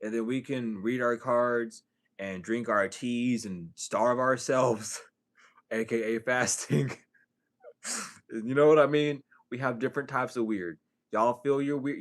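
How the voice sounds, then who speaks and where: Guy doing a loose tarot reader vlog, cusses a lot, laughs between thoughts, swings from loud to hushed. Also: mid-range voice. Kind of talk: casual spiritual vlog monologue.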